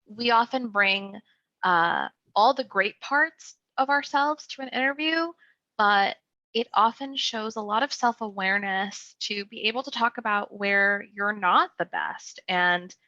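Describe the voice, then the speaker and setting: Woman, recruiter, measured advice, bright tense voice, gravelly fry, dry lo-fi audio. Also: medium pitch, no echo. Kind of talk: panel Q&A answers.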